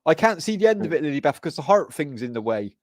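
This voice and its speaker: A man hosts a casual livestream chat, his voice a little high and very animated in its rises and falls. He reassures his guests and talks like a friend. The sound is dry and close, with no room around it. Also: fast talker, dry recording. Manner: lively, reassuring, says "man" and "brother". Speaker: livestream host.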